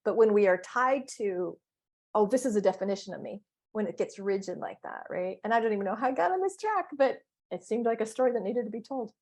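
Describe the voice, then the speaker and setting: A woman coach telling stories in a casual interview chat, playful and animated, with big exclamations. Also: on the high side, brisk, hardly any pauses.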